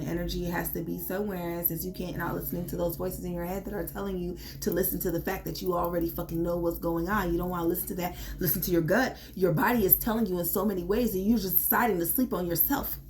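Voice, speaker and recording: Woman, lowish voice, tarot reader, blunt, swears a lot, emphatic pep talk. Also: steady tone, quick pace, few pauses, slight background noise. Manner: blunt and profane. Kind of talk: casual tarot reading.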